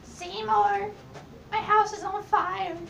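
A teenage boy putting on a shrieking falsetto as a panicky old mother. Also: fairly even intonation, slow, creaky, pushed and bright, recorded from a distance, a little hiss or hum, heavily acted. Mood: panicked. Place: school library. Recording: echoey library from afar.

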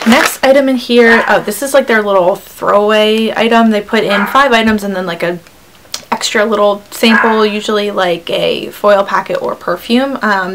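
A woman's voice: mid-range voice, fairly bright tone, a little hiss or hum, poor audio. A young woman vlogging in a casual, chatty, upbeat way as she unboxes beauty samples, with frequent ums and likes.

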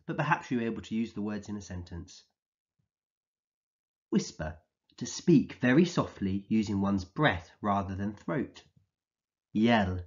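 Lively low-voiced man teaching young children. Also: muffled recording. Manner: slow, clear, encouraging, acts out the words he defines. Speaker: early years teacher. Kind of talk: recorded vocabulary lesson for young children.

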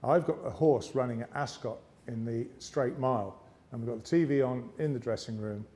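An English man giving a motivational speech on stage, telling a lively story and slipping into other people's voices. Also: medium pitch, normal speed. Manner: lively yarn-spinning with character voices. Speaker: motivational speaker. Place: arts centre stage, live audience.

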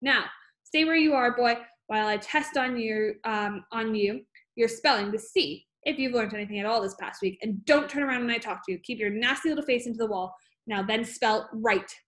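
A woman's voice: a little high, moderate pace, a bit bright, reverberant, natural voice. A woman reading an audiobook, voicing a huge bullying female headmistress who barks, bellows and sneers. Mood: stern.

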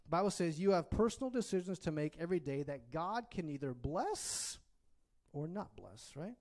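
A preacher with a fairly high voice and a darkish tone delivers his sermon quickly and expressively in a church. He keeps it conversational, frequently checking in with the congregation.

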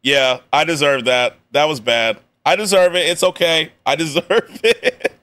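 A man's voice: a little high, unhurried, a bit bright. A young man reacting to a video on a live stream, joking in slang and laughing often. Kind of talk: casual reaction commentary.

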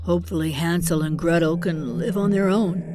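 A woman voicing a meek, hesitant father in a storybook reading, speaking softly and unsurely. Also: lowish voice, normal speed, a crowd in the background, close to an everyday voice. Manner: hesitant and soft.

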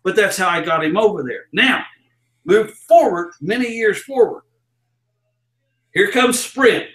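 High-voiced man telling a lively story. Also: measured pace, echoey room. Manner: lively, acts out the quoted lines. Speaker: interview guest. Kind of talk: animated storytelling in a live interview.

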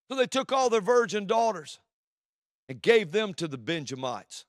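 A man preaching a sermon from the pulpit, swinging between loud declarations and hushed, low passages. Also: sing-song, moderate pace, no echo, studio quality.

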